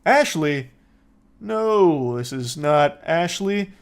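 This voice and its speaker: A man's voice: fairly high pitch, animated, very slow, smooth, heavily acted. A man putting on the voice of a drunk woman who indignantly insists she is sober. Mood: feigning calm. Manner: indignant, mock-defensive.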